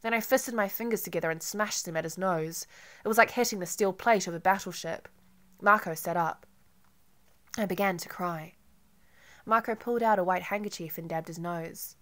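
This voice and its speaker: A woman narrating an audiobook in an intimate, measured first-person reading. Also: fairly low pitch, fairly bright tone.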